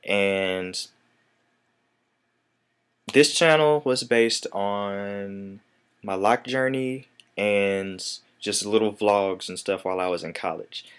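A man's voice: on the low side, slow, smooth. A young man in his twenties giving a casual, rambling vlog update to his viewers. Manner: relaxed, rambling with fillers. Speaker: vlogger.

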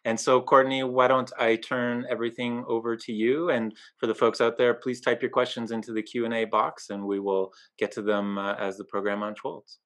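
A man's voice: medium pitch, level tone, normal speed, few pauses, a bit bright. A man hosting a webinar over a video call, welcoming and introducing his guests with occasional fillers. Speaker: event host.

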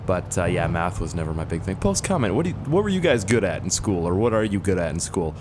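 Hoarse, excitable young gamer guy. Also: low-pitched, quick pace, noisy background. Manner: rambling, excitable, swears often, sudden yelling bursts. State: hoarse voice from screaming. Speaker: gaming YouTuber. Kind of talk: casual let's-play commentary.

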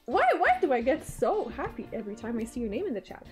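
A woman's voice: on the high side, sing-song, quick pace, faint music behind. A young woman streaming a game, chatting playfully with viewers and often breaking into giggles. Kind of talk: casual game-stream chat.

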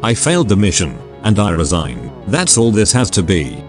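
A bitter male spy walking away from his agency, read by a synthetic man's voice. The voice sits low and swoops widely in pitch, with a flat machine delivery throughout. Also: moderate pace, over music. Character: bitter rebellious male spy agent quitting.

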